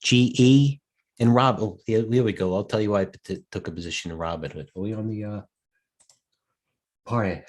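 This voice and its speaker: Hosting a live market commentary, this middle-aged stockbroker speaks at a normal speed with frequent pauses and a fairly low voice. Weariness runs through his rambling, digressive talk, which he keeps interrupting to answer questions from viewers.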